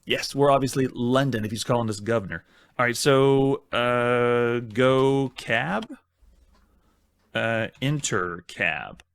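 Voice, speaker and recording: A man's voice: mid-range voice, fairly bright tone, no echo. A man hosting a retro game let's-play, chatty and self-mocking as he thinks aloud while typing commands. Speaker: host.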